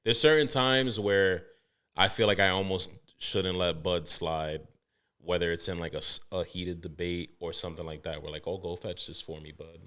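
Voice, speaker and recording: A man hosting a podcast in casual chat, his voice sitting a bit low. He talks in an animated, profane way and often breaks into laughter. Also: moderate pace, clear, resonant tone. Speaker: podcast host.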